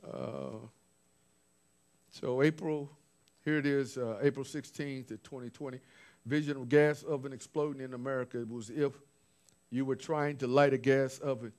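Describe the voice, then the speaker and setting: A man's voice: mid-range voice, fairly even intonation, normal speed, darkish tone. A man preaching informally, recounting visions from his notes with restarts and asides. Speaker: apostle preaching. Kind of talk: sermon.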